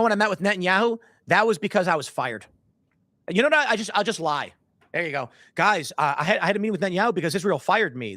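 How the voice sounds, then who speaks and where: A man's voice: a little high, fairly bright tone, dry recording. Chatty man hosting a livestream. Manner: rambling, slips into mock voices for jokes. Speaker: livestream host. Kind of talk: casual livestream commentary reading chat.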